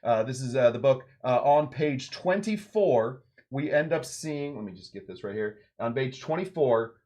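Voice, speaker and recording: A man's voice: mid-range voice, a little mellow. A man hosting a cocktail lesson tells drink history in a loose, rambling way. He jokes as he goes and keeps slipping into goofy voices for the characters in his anecdotes. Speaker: cocktail show host. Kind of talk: casual storytelling lesson.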